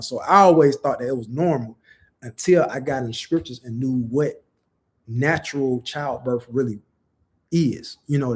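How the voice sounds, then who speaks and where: A man's voice: medium pitch, a little mellow. A young man giving a casual religious commentary, talking conversationally with many rhetorical questions and "you know" fillers. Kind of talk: casual preaching monologue.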